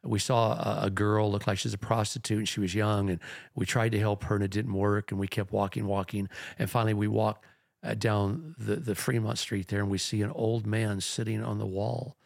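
A man's voice: fairly low pitch, flat delivery, normal speed, creaky, a little mellow, no room sound, studio quality. A man who is a pastor, telling a long story in a rambling, earnest podcast chat.

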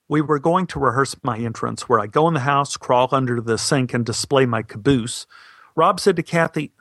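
A middle-aged male actor telling a story in a wry, deadpan way. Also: mid-range voice, dry recording. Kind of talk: storytelling monologue.

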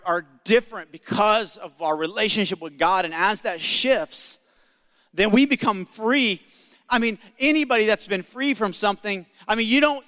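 A man's voice: high voice, sharp tone, long reverb tail. A male pastor preaching a sermon in an emphatic, conversational way with jokes.

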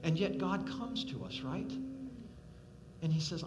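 A man preaching a sermon as a pastor, swinging from loud, pressing appeals to hushed, quiet questions and acting out the voices he quotes. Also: on the high side, animated, a little slow, long pauses, very noisy.

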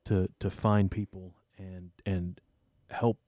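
A man with a very low, mellow voice rambles through a joke and a personal story, self-deprecating and full of fillers. It is casual faith chat, recorded close and dry. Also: flat delivery, slow, dry recording.

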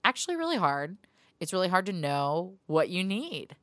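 A woman hosting a solo pep talk podcast, rambling and cursing casually, laughing between thoughts. Her voice sits a little low. The sound is dry and close. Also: sing-song, normal speed, fairly bright tone, no room sound. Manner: profane, rambling, laughs often. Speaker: podcast host.

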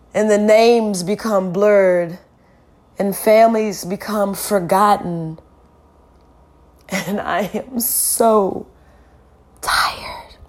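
Slow, weary woman speaking a lament. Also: medium pitch, darkish tone. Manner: slow, heavy, deliberate lament. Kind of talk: spoken-word reflection.

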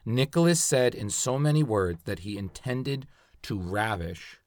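A man's voice: lowish voice, expressive, a little slow, darkish tone, no echo, clean studio sound. A man hosting a casual true-crime podcast, explaining the case with hesitant stops and restarts. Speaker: podcast host.

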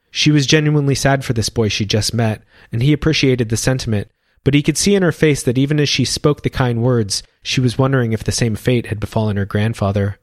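A man narrating a storybook adventure in a calm, even voice of middle pitch. The mic sits close in a dead, dry space. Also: fairly quick, no echo. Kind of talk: scripted narration.

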